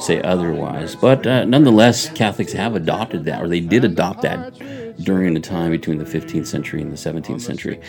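Low gravelly upbeat man, podcast host. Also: a little fast, over music. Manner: upbeat, chatty, reads passages aloud. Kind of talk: casual radio chat. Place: church radio studio.

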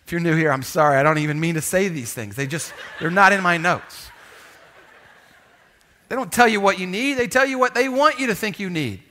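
A man preaching a sermon in an animated, lively way, often calling out to the congregation for a response. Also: high-pitched, fairly quick. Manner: animated, calls for audience response. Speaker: pastor.

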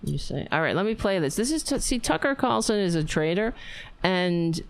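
A woman's voice: on the low side, lively intonation, normal speed, vocal fry, clear, resonant tone. A tired woman hosting a casual livestream, chatting in a playful, rambling way. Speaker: livestream host.

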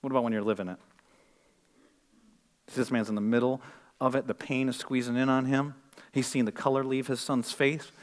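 A man preaching a sermon in a church, shifting between loud, emphatic stretches and quiet, intense ones. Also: mid-range voice, flat delivery, brisk, long pauses. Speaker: pastor.

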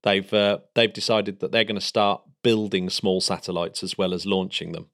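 A man co-hosting a podcast, chatting excitedly about space news with plenty of fillers and restarts. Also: low-pitched, moderate pace. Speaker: podcast co-host. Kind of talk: casual space news chat.

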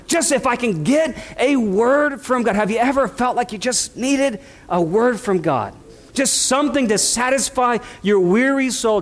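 A man. He leans on repetition and stretches out quoted words for weight, moving between conversational asides and fervent preaching. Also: very high voice. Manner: impassioned preaching with repeated phrases and drawn-out quotes. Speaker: pastor. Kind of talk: sermon.

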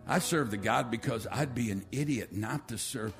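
A male pastor preaching a sermon, swinging between loud, rising calls and quiet, low appeals, acting out quotes and leading an altar call. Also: moderate pace, vocal fry, music in the background.

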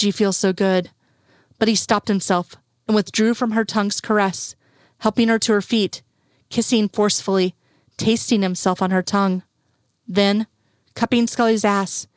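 A woman reading fiction aloud in a steady, unhurried storytelling manner. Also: medium pitch, dry recording. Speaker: reader.

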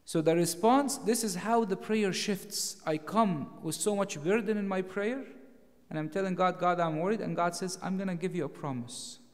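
A man's voice: sits high, moderate pace. Emphatic male preacher in a reverberant hall. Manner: emphatic, swelling louder on key phrases. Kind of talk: sermon.

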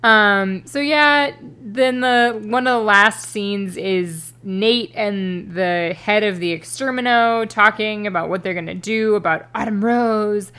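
A woman's voice: mid-range voice, slow pace, hardly any pauses, pushed and bright, clear, resonant tone. A woman co-hosting a podcast, giving a wry, sarcastic book critique in casual chat. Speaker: podcast co-host.

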